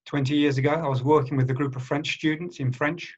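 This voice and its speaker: A man's voice: a little high, steady tone, fast, muffled recording. A British man and trainer telling a story in a group video call, hesitant with many restarts. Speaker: workshop participant, trainer and coach. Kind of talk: casual group discussion.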